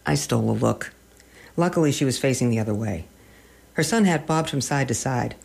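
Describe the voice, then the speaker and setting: A man's voice: medium pitch, expressive, a little fast, creaky, darkish tone, breathy edge. A man narrating a humorous story in a dry, wry storytelling manner.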